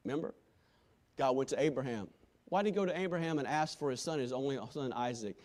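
A male preacher giving a sermon, quoting scripture in old-fashioned wording and swinging from shouted appeals to hushed, quiet lines. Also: mid-range voice, fast. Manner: impassioned, swinging from loud shouting to hushed tones.

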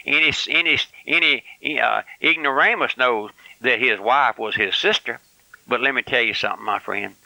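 A man's voice: mid-range voice, moderate pace, gravelly, bright, forceful tone, no echo, rough recording. An older man preaching a fiery, folksy radio sermon with lots of emphatic repetition.

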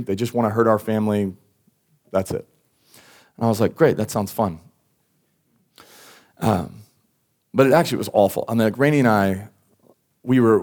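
A man's voice: lowish voice, a little mellow. A young man, telling a personal story in a church sermon, talking casually with many "like"s and "um"s and an occasional sigh. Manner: conversational, frequent "like" and "um", sighs. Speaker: worship pastor. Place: church service.

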